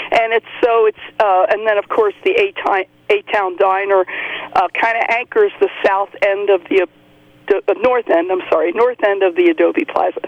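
A man's voice: sits high, no room sound. A man calling in to a radio show, talking enthusiastically and rambling a little, over a phone line. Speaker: caller. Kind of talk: call-in radio talk.

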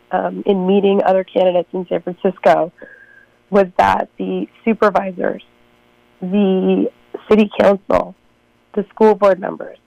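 Hoarse woman on a dull phone line. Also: mid-range voice, dry recording. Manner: earnest, lots of ums and repetitions. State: hoarse, has partly lost her voice. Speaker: guest, former campaign manager. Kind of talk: casual interview.

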